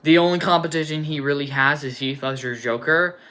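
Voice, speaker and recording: Young male reviewer with a bright tone and a loose, gushing, self-correcting delivery. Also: on the high side, brisk. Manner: rambling and enthusiastic, with many fillers and restarts. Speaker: film reviewer. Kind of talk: casual spoken movie review.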